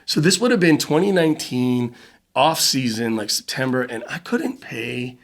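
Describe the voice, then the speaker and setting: A man, a podcast guest, telling a story in a casual, animated way, with quick bursts of speech and lots of fillers. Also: medium pitch, creaky. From Cayman Islands.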